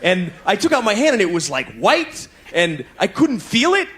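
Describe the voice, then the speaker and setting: A man's voice: sits high, moderate pace, few pauses. A middle-aged man doing a stand-up comedy routine, telling stories and acting out voices. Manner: animated storytelling, acting out voices and moans.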